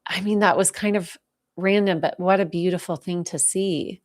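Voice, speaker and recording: A woman giving a live spiritual talk, speaking softly and slowly with heartfelt pauses as she answers viewer questions, moved close to tears. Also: fairly low pitch, fairly even intonation. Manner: soft, heartfelt, slow and reflective with pauses.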